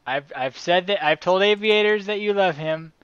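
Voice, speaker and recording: A man's voice: high-pitched, moderate pace, a bit bright, smooth, no echo, highs cut off. A man co-hosting a casual live-streamed radio chat, joking and teasing. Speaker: radio co-host.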